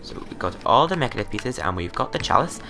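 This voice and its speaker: A man's voice: medium pitch, big pitch swings, fast talker, gravelly, noisy background. A young man chatting and joking casually while commenting on a video game he plays. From Scotland. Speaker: let's play commentator.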